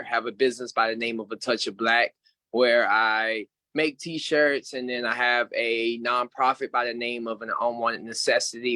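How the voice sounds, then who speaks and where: A man's voice: mid-range voice, pushed and bright, no room sound. A man in his twenties from Savannah, Georgia, introducing himself on a talk show panel in a friendly, earnest way. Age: 20s. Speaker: panelist, entrepreneur.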